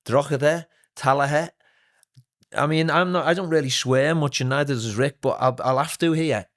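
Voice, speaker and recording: A man's voice: fairly high pitch, normal speed. Storytelling man. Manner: animated, anecdotal storyteller. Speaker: guest, singer and playwright. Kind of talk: casual interview chat.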